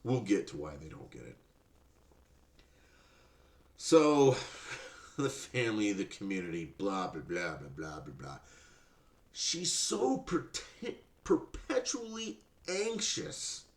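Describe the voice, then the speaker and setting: Male podcast host, sarcastic profane rant, animated voice, roomy echo. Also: low voice, unhurried, long pauses. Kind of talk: ranting commentary.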